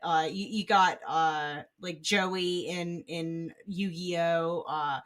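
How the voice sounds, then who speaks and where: A woman co-hosting a relaxed book club podcast, talking slowly with plenty of "like" and "um". Her voice is bright and forward. She circles her point before landing it. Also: fairly low pitch. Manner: rambling, many fillers and restarts. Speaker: podcast co-host. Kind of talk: casual book club chat.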